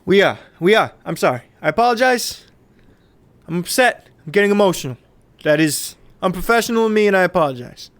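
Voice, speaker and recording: A man's voice: sits high, animated, fairly bright tone, voice pushed up. A man, the game master, playing a volatile male crime boss who talks bluntly, swears, and threatens. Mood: apologetic. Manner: blunt, menacing, quick to swear.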